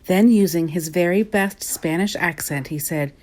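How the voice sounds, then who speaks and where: A woman reading a children's picture book aloud, giving the characters lively voices. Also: moderate pace, few pauses. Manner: lively, voices the characters with big pitch jumps. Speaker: storybook reader.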